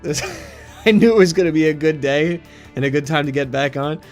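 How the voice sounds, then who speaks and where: A man tells a rambling, crude personal story in a loose comedic style and swears often. His voice sits slightly high. Faint music plays behind him. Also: fairly quick, a little mellow. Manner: breaks into laughter while telling a story, swearing.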